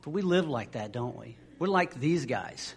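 A man's voice: mid-range voice, expressive, normal speed, creaky, breathy edge. A man preaching a sermon as pastor, in a conversational way, often repeating words as he restarts a phrase and acting out the voices of people in the stories.

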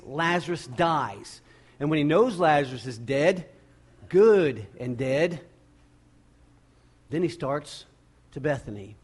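A man delivers a sermon in a somewhat high voice. He retells the story in a lively, dramatic way, pausing for effect and often repeating words as he goes. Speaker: pastor.

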